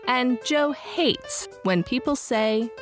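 A man putting on a drawn-out, exaggerated announcer voice to introduce his own podcast. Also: very high-pitched, over music, pitched above the performer's own voice. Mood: mock-dramatic. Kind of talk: slow mock-dramatic intro voice-over.

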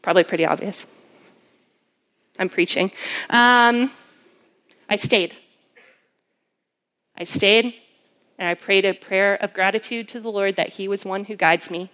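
A woman's voice: medium pitch, normal speed, a bit bright. A young woman giving a personal testimony sermon as a campus minister, telling her story earnestly with many fillers.

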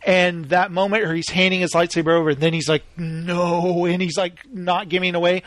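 High-voiced excited man, dry close sound. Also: fairly quick, dry recording. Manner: animated, acts out scenes with sudden shouts. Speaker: podcast co-host discussing a film. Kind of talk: excited casual chat.

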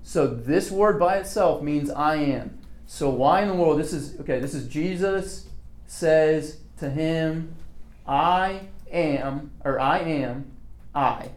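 A man's voice: a little high, a little slow, a little mellow. A man leading a casual Bible study, talking through a passage in a conversational way, often checking in with "okay" and asking the group questions.

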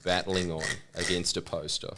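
A man's voice: deep voice, level tone, normal speed, background noise. A man co-hosting a podcast, chatting casually with a joking, rambling manner. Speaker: podcast host.

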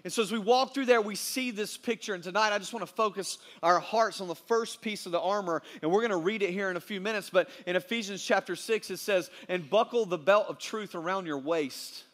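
High-voiced man preaching casually. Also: a little fast, hardly any pauses. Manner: casual, animated storytelling with slang. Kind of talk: sermon.

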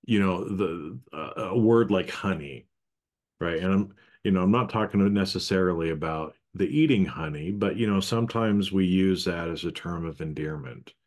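A man with a notably deep, low voice talks through his ideas on a podcast. He is reflective and unhurried, often pausing on "you know" as he works out his point. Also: a little mellow. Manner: reflective, thinks aloud with frequent "you know". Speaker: podcast co-host. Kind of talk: casual conversational podcast.

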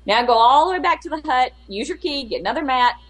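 A woman's voice: high-pitched, animated, fast. A woman co-hosting a podcast in casual chat, telling a rambling, exasperated story and acting out the lines she quotes in exaggerated voices. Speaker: podcast co-host.

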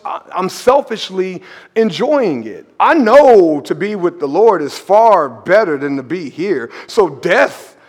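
Pastor with a very high voice, animated sermon, shouts for emphasis. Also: male voice. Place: church sanctuary. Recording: long reverb of a large church hall.

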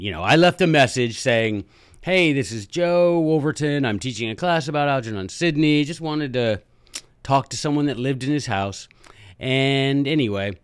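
A man hosting a podcast, telling a story in a chatty, animated way with jokey asides. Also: lowish voice, no echo. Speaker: podcast host and teacher. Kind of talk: casual storytelling monologue.

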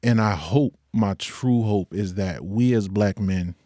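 A man's voice: lowish voice, a little slow, warm tone, no echo, studio quality. A young man speaking in an earnest, candid personal monologue, with occasional rueful laughs.

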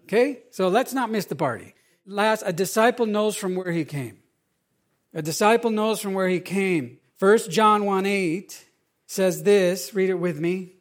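A middle-aged man, a pastor, preaching a sermon in an animated, conversational way, asking his audience questions. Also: sits high, unhurried.

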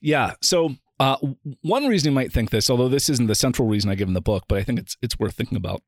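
A man of middle pitch tells anecdotes in a conversational podcast interview and acts out the other voices in them. The sound is dry and close to the mic. His delivery is relaxed and loosely animated. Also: fast talker, dry recording. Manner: animated storyteller, acts out quoted dialogue. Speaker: philosopher guest.

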